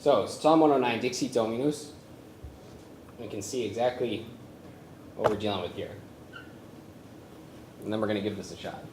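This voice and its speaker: A man presenting a workshop on chanting psalms, speaking haltingly with many fillers and humming melodies to show them. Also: fairly low pitch, noisy background. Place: conference room with a live audience. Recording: roomy echo from a lecture space.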